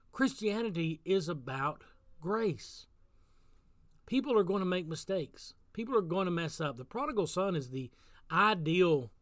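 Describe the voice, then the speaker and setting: A man's voice: high-pitched, dry recording, clean studio sound. A man giving a casual devotional talk as pastor, telling a story in an earnest way and repeating phrases for emphasis.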